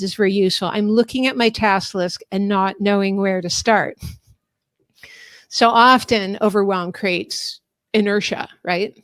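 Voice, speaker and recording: A woman's voice: medium pitch, dry recording. A woman life coach explaining a method on a video call, friendly and instructive, laughing often. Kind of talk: explaining a coaching method in a live online talk.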